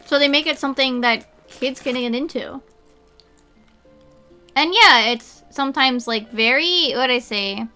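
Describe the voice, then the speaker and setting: Woman, streamer, casual rambling chat, munching snacks, bright voice, faint music behind. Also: high-pitched, measured pace, pauses often, clear, resonant tone. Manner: rambling with many fillers. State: eating while talking.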